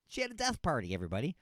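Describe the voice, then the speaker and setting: On a clean studio recording with no room sound, a man with a fairly high voice hosts a comedic radio talk show. He rambles and jokes with mock outrage, repeating himself and drawing out words for effect.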